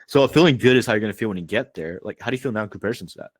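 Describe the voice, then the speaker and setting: A man talks fast and loose as a sales coach on a video call, with a slightly low voice. His speech is slangy and profane, stuffed with "like" and "bro." The sound is dry and close. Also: no echo. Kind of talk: casual online training call.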